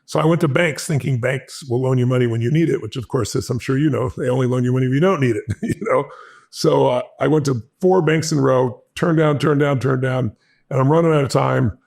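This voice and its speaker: Gravelly, husky man telling a fast story. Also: mid-range voice, darkish tone. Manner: fast, intense, acts out the dialogue in his anecdotes. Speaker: motivational speaker. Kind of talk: animated personal storytelling.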